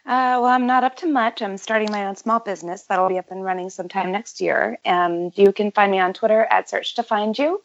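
Woman guest on a podcast, playful and teasing, mid pitch, dry dull lo-fi audio. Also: fairly quick, hardly any pauses, no room sound. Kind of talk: casual chat. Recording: dry, slightly dull lo-fi sound.

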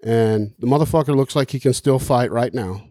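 A man's voice: mid-range voice, moderate pace, warm tone, no echo, clean studio sound. A man hosting a casual podcast chat, talking in a profane, rambling, emphatic way.

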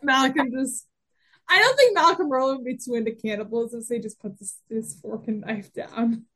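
A woman co-hosting a podcast, chatting excitedly about a TV episode and laughing often. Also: a little high, normal speed. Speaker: podcast co-host. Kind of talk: casual chat recapping a TV episode.

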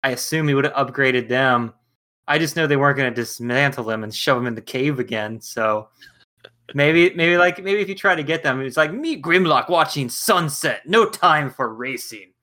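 A man co-hosting a podcast in casual chat, laughing often and acting out quotes in quick impressions. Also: mid-range voice, sharp tone. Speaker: podcast co-host.

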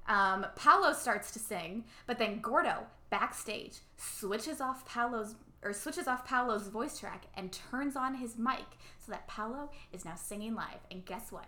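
A woman casually recapping a movie plot as a podcast co-host, animated and acting out the characters' lines. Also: on the high side, a little slow, few pauses. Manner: animated, acts out characters' lines, laughs often.

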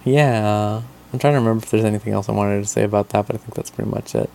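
A man's voice: on the low side, steady tone, quick pace, creaky, warm tone, a little hiss or hum. A young man in casual chat, rambling with lots of fillers and frequent swearing as he recaps a show.

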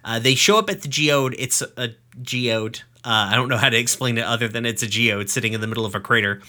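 A man with a very bright, forward voice talks through a cartoon episode on his podcast. He recaps in a loose, joking way, dropping swear words as he goes. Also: mid-range voice. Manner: swearing, jokey recap with quick acted quotes. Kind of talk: casual chat.

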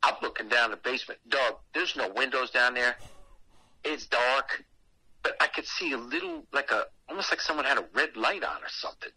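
A man's voice: medium pitch, normal speed, sharp tone, breathy edge, no echo, poor audio. A man telling a story casually and animatedly, with lots of swearing.

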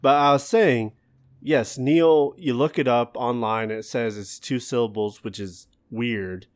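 A man's voice: medium pitch, steady tone, a little slow. A man co-hosting a casual podcast chat, teasing and joking dryly. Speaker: podcast co-host.

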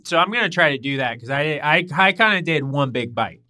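A bright, fairly high male voice with a lively, swooping pitch trades jokes as a podcast co-host. He leans into playful mock outrage, and the sound is close and dry. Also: fairly quick, no echo. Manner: animated, mock-outraged banter. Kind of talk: casual chat.

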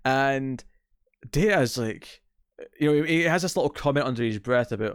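A man co-hosting a casual podcast chat, retelling scenes in lively fashion, acting out voices and laughing often. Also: medium pitch, brisk, clear, resonant tone, no echo, clean studio sound. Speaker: podcast co-host.

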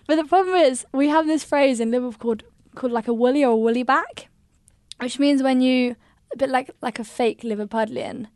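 A woman's voice: sits high, a little fast, a little mellow, no room sound, clean studio sound. A young woman from England, a podcast guest chatting in a laid-back way and laughing easily. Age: young adult. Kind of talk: casual chat.

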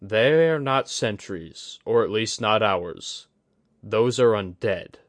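A man's voice: lowish voice, animated, no room sound. A man playing an earnest samurai commander. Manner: measured, decisive.

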